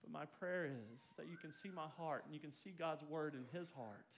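A man's voice: on the high side, moderate pace, gravelly, slight background noise. A man preaching a sermon, telling a personal story with energy and calling on the congregation to respond. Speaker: pastor.

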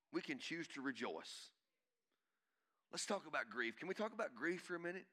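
A male pastor preaching a sermon, swinging from shouting to hushed intensity and calling out to the congregation. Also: a little high. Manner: calls out to the congregation.

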